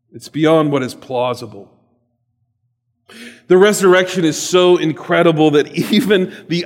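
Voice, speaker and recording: A man preaching a sermon as a pastor, animated and humorous, with sudden loud bursts and soft asides. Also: a little high, big-room sound.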